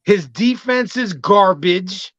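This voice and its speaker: Man, sports podcast co-host, high bright voice, measured, analytical, dry dull sound. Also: lively intonation, no room sound. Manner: measured, analytical comments on technique. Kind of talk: casual sports talk.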